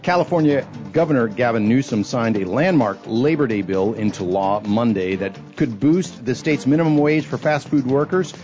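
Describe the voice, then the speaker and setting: A man hosting a morning radio show, reading the news headlines in a brisk, even newsreader delivery. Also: medium pitch. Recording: dull lo-fi radio audio with music bed.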